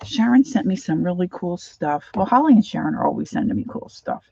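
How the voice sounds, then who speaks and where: A woman chats her way through a craft livestream at her home desk, rambling from one thing to the next and slipping into quiet whispered asides. Her voice is dark and mellow with a gravelly edge. The sound is muffled and lo-fi, picked up by a phone or camera on the desk. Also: fairly low pitch, animated, brisk, no room sound. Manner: chatty and rambling, drops into soft whispered asides. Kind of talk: casual craft livestream chat.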